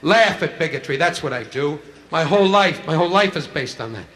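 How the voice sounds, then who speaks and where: A male stand-up comedian doing insult comedy, firing brash, rapid jabs at audience members from a nightclub stage. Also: on the high side, lively intonation. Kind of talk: insult comedy crowd work. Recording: live club recording, loud laughter, hiss.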